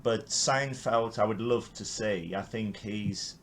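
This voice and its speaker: Slow and fairly low-pitched, an older English podcast host carries on an easygoing interview. He's plainly enthusiastic, though he restarts himself often.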